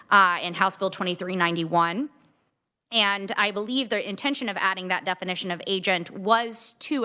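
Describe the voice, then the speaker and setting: A woman testifying before a legislative committee, explaining policy in a measured way with frequent fillers. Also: fairly low pitch, sharp tone, clear, resonant tone. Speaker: ethics commission staff testifying.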